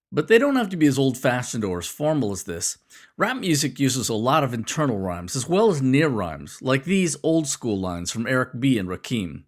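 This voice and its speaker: A man in mid pitch narrates a lesson video, his voice rising and falling a lot as he explains. He talks in a conversational, teacherly way.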